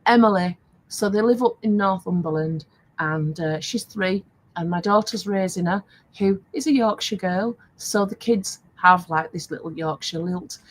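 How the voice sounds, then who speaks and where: A fairly low-pitched older woman speaks at normal speed on a low-quality recording. She hosts a relaxed live stream selling craft supplies, reading viewer comments aloud with lots of chatter and laughter.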